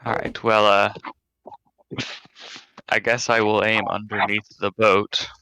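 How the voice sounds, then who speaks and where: Wary guy at the game table, gravelly, crisp, low. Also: level tone, slow, pushed and bright, no echo. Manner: wary, reluctant. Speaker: player.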